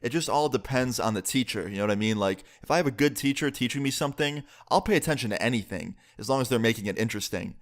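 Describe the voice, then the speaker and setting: A young man telling a profane storytime about school, with sudden jumps in pitch. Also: fast talker, hardly any pauses. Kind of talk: casual storytime.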